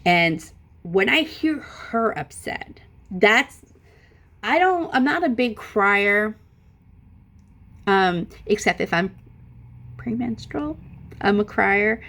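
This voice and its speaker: Gravelly-voiced woman telling a rambling story. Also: medium pitch, takes it slowly, pauses often. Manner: animated, profane, voice jumps up when emphatic. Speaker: vlogger. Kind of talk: casual storytelling.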